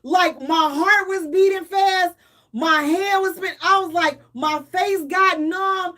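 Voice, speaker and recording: High-voiced woman telling a wild story. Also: slow pace. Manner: dramatic, expressive, acts out her own panic. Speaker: radio show co-host. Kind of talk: animated storytelling chat.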